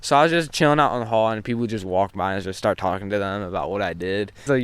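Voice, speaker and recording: Teen boy storyteller, casual and profane, rambling with restarts, clean smooth tone, close dry sound. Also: fairly low pitch, fast, fairly bright tone, no room sound. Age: teens. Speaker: vlogger.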